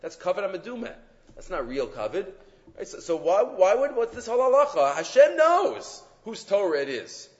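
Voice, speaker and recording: A man's voice: on the high side, lo-fi sound. A man giving a Talmud lesson in a conversational way, often asking "right?" and mixing in Hebrew and Aramaic terms. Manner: conversational, frequent "right?" and filler "uh". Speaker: Torah teacher. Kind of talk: Talmud lecture.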